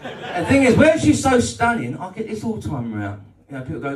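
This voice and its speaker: A man's voice: sits high, huge pitch swings, fast talker, darkish tone. Cheeky stand-up man in a roomy hall. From England. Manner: cheeky, crude, self-deprecating banter. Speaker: stand-up comedian. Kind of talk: live stand-up set. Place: comedy night in a club function room. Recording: roomy live hall from far off.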